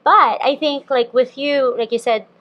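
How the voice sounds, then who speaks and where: A woman's voice: high-pitched, dull audio. A woman from the Philippines who hosts a podcast and owns a donut shop, chatting in a friendly way and agreeing readily. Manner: friendly, quick to agree and laugh. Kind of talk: casual podcast chat.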